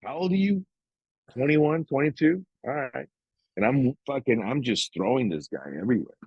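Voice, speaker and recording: Animated, cursing middle-aged man telling stories. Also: mid-range voice, moderate pace, breathy edge, no room sound, highs cut off. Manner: animated storytelling, swearing, acting out quotes. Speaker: podcast co-host. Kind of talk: casual chat.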